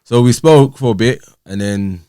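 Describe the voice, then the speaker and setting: A man's voice: medium pitch, moderate pace, smooth, dry recording, clean studio sound. A man, telling a personal story on a podcast in casual talk and acting out the exchanges he quotes. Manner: animated, acts out quoted exchanges. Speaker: podcast guest.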